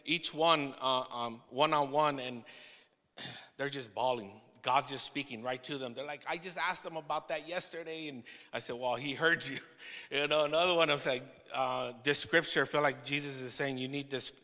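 A man preaching a testimony sermon to his church, telling the story with laughing asides and halting restarts. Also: mid-range voice, fairly even intonation, bright, forceful tone, big-room sound. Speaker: pastor.

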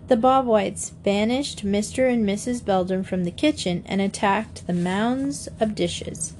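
A woman narrating a children's mystery audiobook in a measured, gentle storytelling voice. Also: medium pitch, slight background noise.

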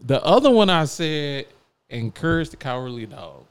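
A man co-hosting a casual podcast, with a slight Southern twang in his voice. He talks in an animated, playful way and laughs often. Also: on the high side, moderate pace, clear, resonant tone. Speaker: podcast co-host. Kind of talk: casual chat.

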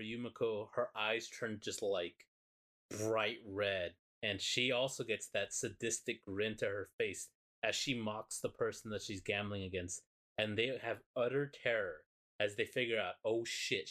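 A man with a lowish voice co-hosts a podcast, chatting casually. He retells a show with excitement and plenty of swearing. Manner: excited, profane, animated retelling. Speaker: podcast co-host. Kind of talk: casual chat.

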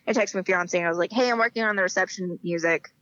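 A chatty young woman, a podcast guest, tells stories and acts out both sides of quoted exchanges, peppered with "like". Her voice sits a little low for a woman. The sound is slightly dull and dry, with no room around it. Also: quick pace, fairly bright tone, no room sound. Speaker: interview guest. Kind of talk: casual chat.

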